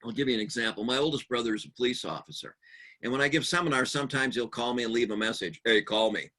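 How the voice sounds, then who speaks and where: A man giving a conference workshop talk, humorous and animated, telling stories and acting out the voices of the people he quotes. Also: medium pitch, quick pace. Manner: lively, animated delivery. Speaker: seminar speaker.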